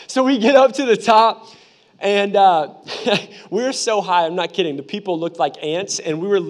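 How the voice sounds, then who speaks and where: A young man in his twenties, a pastor giving a lively, humorous sermon full of personal storytelling. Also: a little high. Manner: animated, humorous, conversational preaching.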